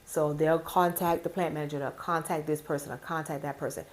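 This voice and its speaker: A woman's voice: low-pitched, steady tone, fairly quick, low-quality recording. A woman giving blunt, profane workplace advice to fellow postal workers, repeating her key points with emphasis.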